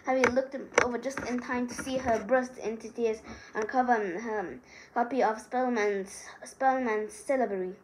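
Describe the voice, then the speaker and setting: A woman reading a novel aloud, with halting delivery and frequent restarts. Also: fairly high pitch, steady tone, low-quality recording. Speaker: reader. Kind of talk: amateur audiobook reading.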